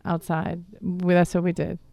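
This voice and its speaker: A woman's voice: fairly low pitch, monotone, moderate pace, gravelly, dark tone, no room sound. A middle-aged woman from the Philadelphia area, with some Boston accent, telling stories as a guest in a radio studio interview. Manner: rambling, friendly storytelling. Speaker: guest, divorce coach.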